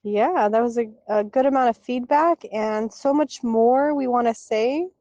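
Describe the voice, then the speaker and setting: A woman's voice: fairly high pitch, a little slow, no echo. Frank woman co-host, dull dry sound. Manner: steady, supportive, frank about hard topics. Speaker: podcast co-host. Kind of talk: casual podcast chat.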